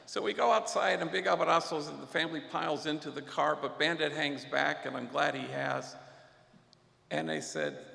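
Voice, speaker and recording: Gravelly man telling stories in a hall. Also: on the high side, steady tone, bright, forceful tone. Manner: unhurried, reflective storytelling with Spanish slang. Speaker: guest speaker at a luncheon. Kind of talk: storytelling speech. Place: event hall. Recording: echoey hall with long reverb.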